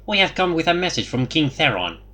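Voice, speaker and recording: A cold, calculating woman envoy voiced by a man narrating an audiobook. Her words come curt and skeptical, clipped short with no warmth to spare. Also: a little high, big pitch swings, fairly quick, voice pushed up, full character voice. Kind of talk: audiobook character voice.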